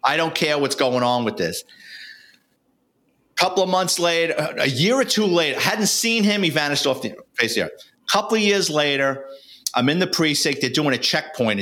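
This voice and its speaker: A man's voice: medium pitch, pushed and bright. An older man, a retired detective telling stories in a blunt, street-wise way with colorful swearing. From New York City. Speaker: retired police detective and author, guest. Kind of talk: casual storytelling.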